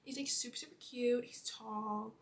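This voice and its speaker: A woman's voice: a little high, steady tone, moderate pace. A woman in her twenties chatting casually about her life while doing her makeup, full of fillers. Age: 20s. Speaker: beauty vlogger.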